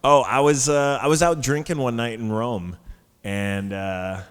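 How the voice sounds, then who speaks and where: A man's voice: mid-range voice, steady tone, measured pace, fairly bright tone, clear, resonant tone. A man telling a story on a conference stage in a casual, chatty way, full of fillers and restarts. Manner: chatty, lots of fillers and restarts, laughs at his own story. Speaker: panel guest. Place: conference stage before an audience. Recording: hall reverb from a live stage.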